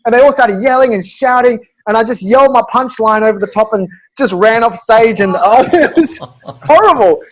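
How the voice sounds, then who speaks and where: An Australian man, a stand-up comedian, telling animated stories in casual chat with quick restarts and laughs. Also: extremely high pitch. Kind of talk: casual storytelling.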